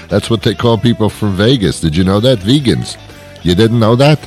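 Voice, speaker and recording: Male radio host with a very low voice, dry rambling jokes and chuckles. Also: lively intonation, measured pace, a little mellow, soft background music. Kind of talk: comedic radio monologue.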